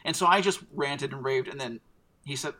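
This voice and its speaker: A man telling a long personal story in casual chat, animated and acting out what others said. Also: medium pitch, moderate pace. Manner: animated storyteller, acts out quotes. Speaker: storytelling guest.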